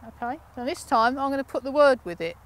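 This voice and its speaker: A woman from the United Kingdom teaching a dog training class, giving brisk, encouraging commands with lively inflection. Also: sits high.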